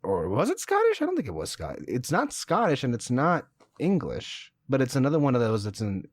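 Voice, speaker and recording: Hesitant man with a lively pitch. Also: a little fast, breathy edge, no echo. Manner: hesitant, many fillers and self-corrections. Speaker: podcast co-host reviewing a TV series. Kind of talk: casual podcast chat.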